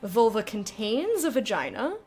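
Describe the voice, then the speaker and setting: Lively, blunt young woman streaming a game. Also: a little high, moderate pace, breathy edge. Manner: blunt, swearing, laughs often, reads chat aloud. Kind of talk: casual live-stream chat while gaming.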